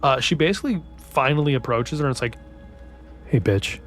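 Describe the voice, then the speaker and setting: A man's voice: a little high, animated, fast, a bit bright. A man hosting a casual book recap podcast, rambling enthusiastically and swearing a lot. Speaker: podcast host recapping books. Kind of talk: casual chat. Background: faint background music.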